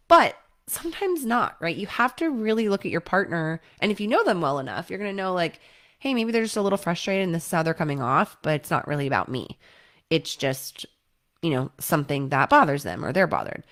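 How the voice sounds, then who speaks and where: Chatty woman giving relationship advice. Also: lowish voice. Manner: conversational, often checks in with "right?" and "like"; lively, acts out quoted partners. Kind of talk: casual advice talk to camera.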